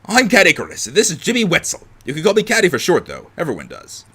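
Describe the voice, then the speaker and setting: A man's voice: on the high side, huge pitch swings, quick pace, sharp tone, breathy edge, pitched above the performer's own voice, full character voice. A man voicing a hesitant, apologetic young male student in a visual novel. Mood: friendly.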